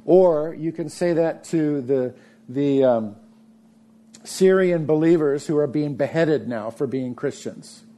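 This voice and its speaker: A man preaching a sermon, earnest, often dropping to a soft murmur for emphasis. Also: a little high, slow pace. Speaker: pastor.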